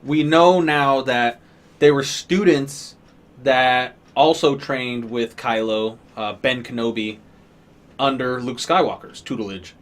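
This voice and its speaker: A man's voice: medium pitch, steady tone, takes it slowly. A man giving an exasperated, profane, sarcastic rant as a movie reviewer. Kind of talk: ranting film review.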